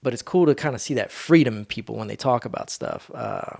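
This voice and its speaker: A man's voice: mid-range voice, expressive, fairly quick, gravelly, a little mellow. A man hosting a solo podcast, talking in a rambling, laid-back, slangy way. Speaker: podcast host. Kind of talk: casual solo monologue.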